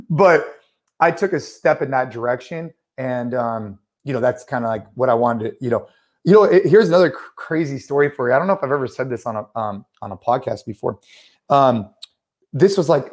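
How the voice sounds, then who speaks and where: A man in his thirties co-hosting a podcast, telling a story casually with many fillers. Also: mid-range voice. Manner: animated storyteller, many fillers like "like" and "you know". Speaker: podcast co-host.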